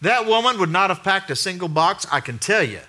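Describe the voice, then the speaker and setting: Preaching in a conversational style, this middle-aged male pastor asks the congregation questions and drops his voice to emphasize ideas. He speaks briskly, with a high-sitting voice and lively intonation.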